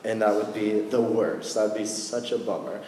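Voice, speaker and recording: A man's voice: fairly low pitch, normal speed, dark tone, a little hiss or hum. A man giving a casual sermon, chatty and joking with slangy asides. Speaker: preacher. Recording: echoey hall with long reverb.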